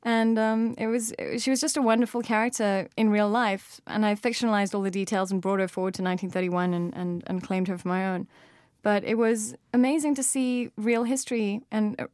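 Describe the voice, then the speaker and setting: A woman's voice: medium pitch, darkish tone, no room sound, clean studio sound. A woman author with a South African accent, talking thoughtfully in an interview with frequent fillers and restarts.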